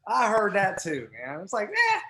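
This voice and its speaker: A man's voice: sits high, wildly swooping pitch, moderate pace, sharp tone. A man co-hosting a casual live online chat over a video call, joking in laid-back banter. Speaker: host.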